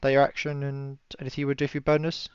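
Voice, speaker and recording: A man's voice: medium pitch, monotone, quick pace, smooth, no echo. A man running a tabletop game as game master, chatty and laughing often, with lots of fillers. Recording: dull lo-fi audio.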